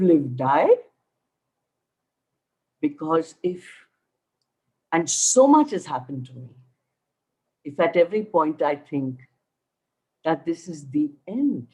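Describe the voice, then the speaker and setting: A middle-aged Indian woman tells her survivor's story with a husky, lowish voice. She speaks slowly and deliberately, and her pitch swoops widely as she acts out each exchange. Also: low-quality recording. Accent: Indian English. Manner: animated, acts out dialogue, emphatic. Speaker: cancer survivor guest speaker. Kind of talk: motivational storytelling talk.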